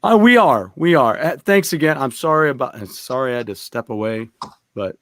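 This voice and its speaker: A man's voice: mid-range voice, animated, a little fast, a bit bright, no room sound. Casual male co-host, rambling and chatty, dry close sound. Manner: chatty, rambling with many fillers. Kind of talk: casual stream chat.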